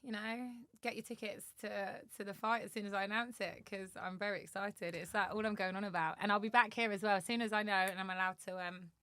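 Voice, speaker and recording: A young adult woman chatting as a podcast guest, animated, with lots of fillers and acted-out quotes. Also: mid-range voice, fast talker, hardly any pauses, dry recording. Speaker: podcast guest, agency founder. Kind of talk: casual podcast chat.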